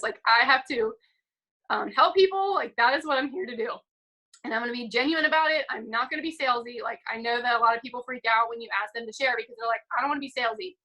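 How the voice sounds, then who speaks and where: A woman's voice: fairly high pitch, sharp tone, poor audio. A young woman giving an upbeat, chatty motivational talk on a video call, full of "like" and "um". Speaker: team call speaker.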